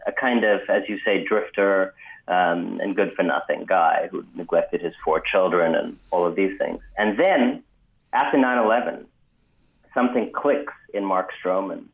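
A man telling a story as an author guest in a radio interview, measured with frequent ums, heard over a phone line. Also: sits low. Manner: measured, many ums, vivid retelling.

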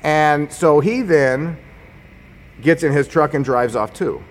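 A man telling a personal story in a conversational, wry way, getting animated as he recounts it. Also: a little high, slow. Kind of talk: personal story told to an audience. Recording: long hall reverb.

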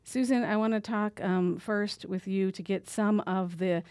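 A woman's voice: mid-range voice, unhurried, darkish tone, no room sound. A woman hosting a public radio interview in a conversational way. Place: radio studio.

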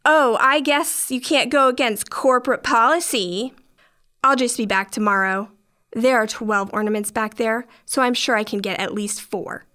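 This is a pampered, demanding rich woman, as a woman narrator puts her on, snapping at a cashier. The voice sits high and pushes hard, haughty and sneering as she insists on her way. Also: expressive, normal speed, sharp tone. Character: entitled wealthy woman customer, rude and demanding.

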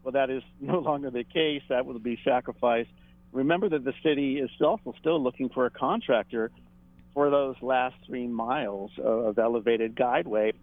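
A man, a political editor giving a relaxed analysis on the radio and chuckling often. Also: mid-range voice, normal speed, no room sound. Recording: dry, tinny phone-line sound.

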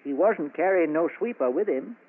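An actor playing a nosy, rambling small-town druggist with a drawling, homespun way of talking, in 1940s radio comedy style. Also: male voice, on the high side, expressive, moderate pace, breathy edge. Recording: tinny old radio broadcast.

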